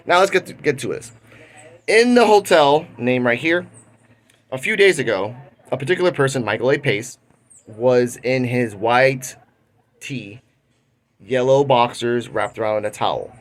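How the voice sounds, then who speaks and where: A man's voice: medium pitch, lively intonation, a little slow, pauses often. A young man hosting an online commentary show, casually retelling a news story with frequent restarts. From Puerto Rico. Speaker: commentary channel host.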